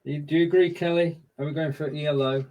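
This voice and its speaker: A man's voice: on the high side, fairly even intonation, fast, a little mellow. A man co-hosting a live stream in a casual chat, running a music quiz and fiddling with screen sharing as he talks.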